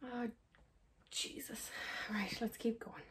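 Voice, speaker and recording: Young irish woman, bit high voice, sarcastic and animated, reaction video chat. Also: normal speed, soft background music. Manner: sarcastic and animated, mock-exasperated. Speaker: actor reacting to a trailer.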